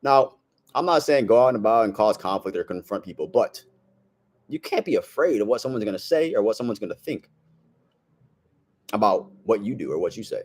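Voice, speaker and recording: A young man talks straight to the camera in a brash, slangy vlog monologue. His voice sits a little low, and he leans hard on casual street phrasing while handing out blunt advice. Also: sing-song, brisk, pauses often, a little mellow. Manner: brash slangy storytelling, says bro a lot. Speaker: self-improvement vlogger.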